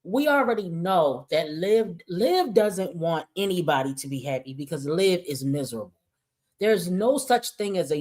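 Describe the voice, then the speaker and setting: A woman's voice: on the low side, darkish tone. A woman giving reaction commentary on a livestream, blunt and exasperated, swearing freely as she talks to her chat. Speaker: commentary streamer.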